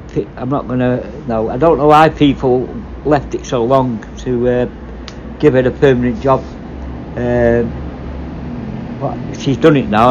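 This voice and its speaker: A former prison officer talking bluntly in a casual, sweary monologue. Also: male voice, medium pitch, dull audio, noisy background.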